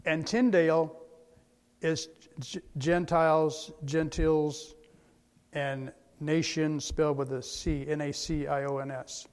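A man's voice: a little high, steady tone, a little slow, clear, resonant tone. A man giving a slide presentation lecture, methodical, spelling out words letter by letter. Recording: long hall reverb.

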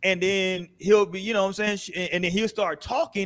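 An American man hosts a casual panel podcast, telling animated stories with lots of acted-out quotes, in American English. His voice is high and brisk with hardly any pauses, and there's no echo.

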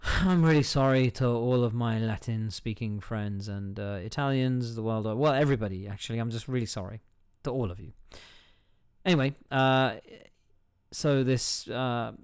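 A man's voice: medium pitch, moderate pace, smooth, no room sound, studio quality. A man hosting a casual solo podcast, reading a book aloud, stumbling over hard words, cursing at himself and breaking off with joking asides. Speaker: podcast host.

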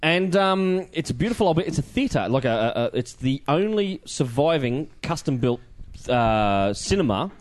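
An Australian man co-hosting a casual show, telling a story with lively, swearing banter. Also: on the high side, normal speed. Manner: animated, swearing, laughing storyteller. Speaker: radio co-host.

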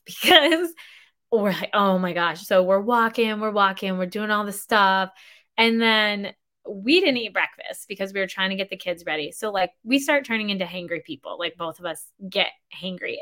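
A woman's voice: mid-range voice, a bit bright. A woman in her thirties, a podcast host, telling a story in a casual, rambling way and laughing often.

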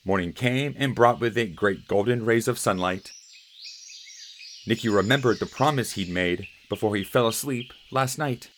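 A man reading a rhyming children's picture book aloud in a gentle way. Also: fairly low pitch, normal speed, slight background noise. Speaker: storyteller.

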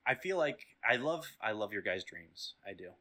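Animated, teasing male podcast host. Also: lowish voice, moderate pace. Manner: teasing and playful. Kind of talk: casual podcast chat.

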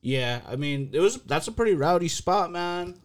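A man hosting a podcast in calm, laid-back casual chat, trading stand-up stories with his guest. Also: a little high, moderate pace.

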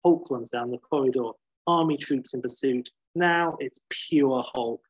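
Husky man telling an animated story. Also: mid-range voice, unhurried, no echo, rough recording. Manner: lively, acts out scenes, fillers.

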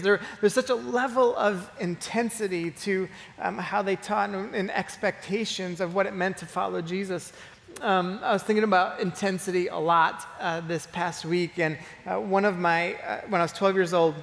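A man preaches a conversational sermon. His voice sits high and he rambles through stories full of "like" and "um". The room behind him carries a long church-hall echo. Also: fairly bright tone. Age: 40s. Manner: casual, storytelling, many fillers and restarts. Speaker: pastor.

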